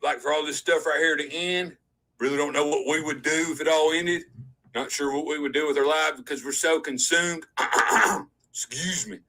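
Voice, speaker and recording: A man voicing a smoky-voiced woman calling in, who talks in a halting, rambling way. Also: a little high, steady tone, bright, forceful tone, pitched above the performer's own voice, rough recording.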